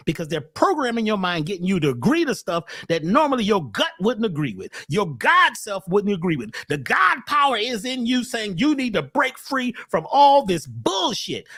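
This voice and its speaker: A man's voice: sits high, husky, no echo, studio quality. A man giving a motivational lecture on a call, preachy and profane, full of wordplay. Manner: animated, preachy, punning and profane. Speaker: speaker and workshop teacher.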